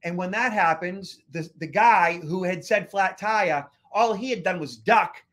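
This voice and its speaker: Chatty male podcast host from Boston, high voice, rambling anecdotal delivery. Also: moderate pace, fairly bright tone. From Boston area, USA. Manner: chatty, many fillers and restarts. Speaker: podcast host, security expert. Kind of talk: casual podcast storytelling.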